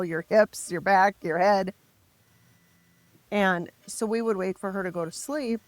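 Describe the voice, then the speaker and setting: Appearing on a podcast, a middle-aged woman shares her personal story in a mid-range voice. She speaks with raw emotion and candor, often breaking off and beginning again.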